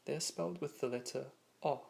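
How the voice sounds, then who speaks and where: Gravelly-voiced man teaching vowel sounds. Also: mid-range voice, darkish tone. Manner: slow, careful demonstration of vowel sounds. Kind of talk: scripted lesson narration.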